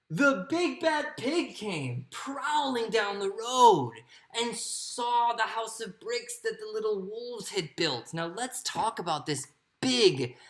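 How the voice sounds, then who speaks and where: A woman teaching how to read a storybook like an actor, talking in an expressive, playful way. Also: mid-range voice. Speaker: acting teacher. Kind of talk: teaching read-aloud acting lesson.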